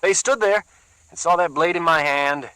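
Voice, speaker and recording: A man voicing a stern, wise old man of eighty-six who speaks slowly and deliberately. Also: a little high, pushed and bright, clear, resonant tone, no echo, pitched above the performer's own voice, rough recording. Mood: grave.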